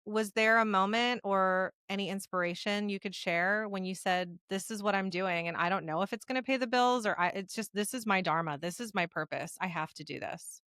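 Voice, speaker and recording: A woman hosting a podcast interview, slowly building long, thoughtful questions for her guest. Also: medium pitch, a bit bright, clear, resonant tone, no room sound, clean studio sound. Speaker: podcast host.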